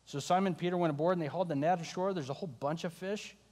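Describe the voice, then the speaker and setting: Male pastor, high register, animated sermon delivery that acts out the voices, reverberant church hall. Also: racing. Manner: animated, acting out the disciples' voices.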